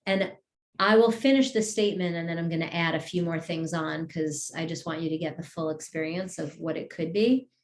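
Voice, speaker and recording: Woman teaching energy healing, gently low. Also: fairly even intonation, roomy sound. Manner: earnest, slows down to lead affirmations for listeners to repeat. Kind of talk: guided healing session over a video call.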